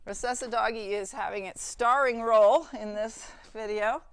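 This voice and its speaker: A woman instructor leading a hands-on training demonstration, brisk and practical, often checking in with "okay?". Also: fairly high pitch, fairly even intonation, smooth, no room sound.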